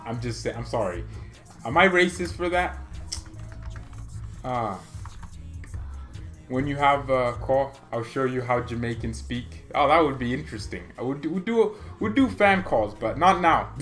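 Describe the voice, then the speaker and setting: A man hosting a fan channel stream, reading chat comments aloud and reacting with excitable, joking arguments and frequent laughter. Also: mid-range voice. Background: faint background music.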